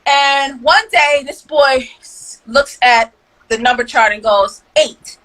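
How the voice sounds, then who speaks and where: A woman guest in a casual chat, telling stories in a playful and expressive way. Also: high voice, takes it slowly, low-quality recording.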